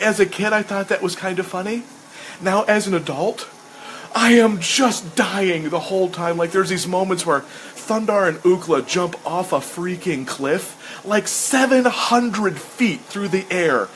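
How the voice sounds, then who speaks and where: A man's voice: on the high side, unhurried, a bit bright, slight background noise, poor audio. Rambling, enthusiastic man chatting casually. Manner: rambling and enthusiastic, acts out quoted lines. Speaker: host. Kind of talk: casual chat while sketching.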